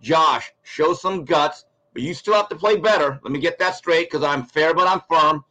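A man talking sports in a blunt, ranting way. His voice sits a little on the high side, and he acts out other people's quotes as he goes. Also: moderate pace, sharp tone, rough recording. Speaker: guest commentator. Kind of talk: opinionated sports talk.

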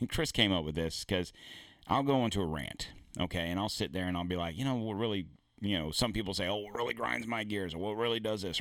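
A man's voice: on the low side, fairly bright tone, no room sound. A man hosting his own show, ranting in a rambling, blunt and profane way with many false starts. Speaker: podcast host. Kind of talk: casual ranting monologue.

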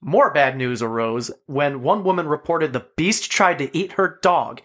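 A man's voice: fairly high pitch, lively intonation, a little slow, a bit bright. A man co-hosting a podcast, telling a story in casual chat, swearing and laughing often. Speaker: podcast co-host.

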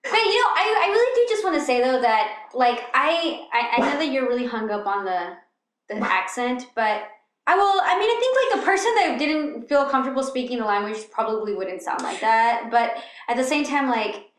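Animated chatty woman in an echoey room. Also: normal speed. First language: Spanish. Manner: animated, full of "like" fillers, jumps high when quoting. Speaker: podcast co-host. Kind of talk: casual chat.

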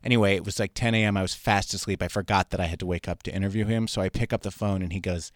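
A man's voice: low-pitched, steady tone, very fast, no echo, clean studio sound. A man hosting a podcast, telling stories in a joking, conversational way. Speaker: podcast host. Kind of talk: casual podcast chat.

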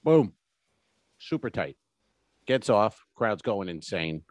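A man's voice: on the low side, slow pace, no room sound. A man co-hosting a podcast, telling an anecdote in casual chat and acting out the quotes with gusto. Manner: animated storyteller, acts out quotes. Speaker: podcast co-host.

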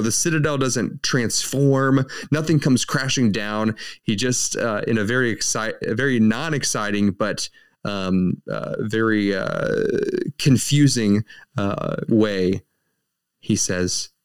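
A man's voice: mid-range voice, slow pace, clean tone. A man co-hosting a podcast, recapping a show in a rambling, casual way with lots of fillers and restarts. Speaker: podcast co-host.

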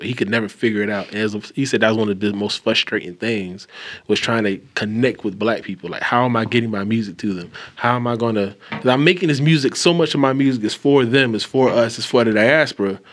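A man hosting a casual podcast chat, telling long stories with restarts, swearing and animated asides. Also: fairly low pitch.

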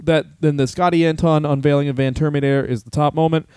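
Male comedy podcaster, rambling and crude, a bit high-pitched, dry studio sound. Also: steady tone, fast talker, warm tone, clear, resonant tone, no room sound. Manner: rambling, profane, restarts a lot. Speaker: podcast co-host. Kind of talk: casual comedic banter.

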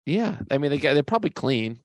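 A man co-hosting a comedy podcast, chatting casually and reading out crude jokes in a deadpan way. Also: a little high, fast, dry recording. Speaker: podcast co-host.

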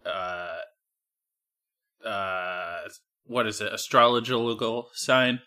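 A man with a bright, forward voice co-hosts a casual podcast chat. He is easygoing and often hesitates, with lots of ums and uhs, and his voice sits a little low. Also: very slow, smooth. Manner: hesitant, many fillers, easygoing. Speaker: podcast co-host.

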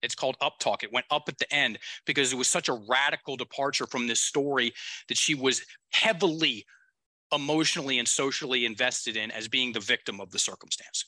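A male coach speaks bluntly in a very bright and forceful voice. He drives each point home with emphasis. The recording is close and dry. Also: mid-range voice, fairly quick, no room sound. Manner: emphatic, blunt, with casual swearing. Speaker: guest executive coach. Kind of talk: podcast conversation.

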